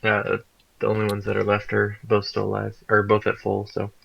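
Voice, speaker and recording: A man's voice: lowish voice, completely flat delivery, normal speed, gravelly, slightly rough, lo-fi sound. A man playing a tabletop game, talking hesitantly with many fillers. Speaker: player. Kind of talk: casual tabletop game chat.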